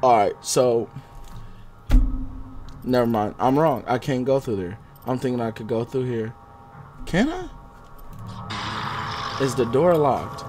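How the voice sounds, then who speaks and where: Excitable slow-talking male game streamer. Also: mid-range voice, slight background noise. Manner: excitable, swings from muttering to loud outbursts; chatty with viewers, casual slang. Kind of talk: live gameplay commentary.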